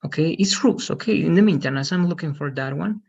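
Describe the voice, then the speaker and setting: A man's voice: fairly high pitch, fast, creaky, a little mellow, muffled recording. A male English teacher, patiently explaining word stress in an online lesson and checking understanding often.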